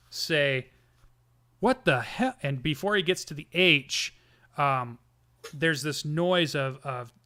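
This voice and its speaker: A man narrating a tabletop game as game master, halting often with ums and restarts. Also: fairly high pitch, sharp tone, smooth.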